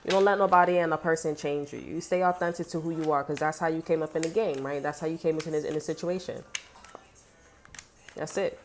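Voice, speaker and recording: A woman's voice: deep voice, steady tone, fast, soft background music. A woman giving a casual tarot reading, blunt and sassy, swearing freely and talking straight to the viewer. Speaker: tarot reader.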